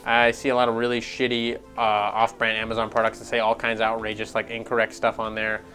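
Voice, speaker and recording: A man's voice: fairly low pitch, monotone, fast talker, pushed and bright, soft background music. A man hosting a gaming news show, ranting in casual, profane and sarcastic commentary.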